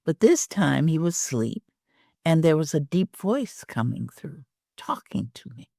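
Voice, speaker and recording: An older woman telling a personal story as a podcast guest, animated, often laughing and acting out the dialogue. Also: low voice, unhurried, vocal fry, dry recording, clean studio sound.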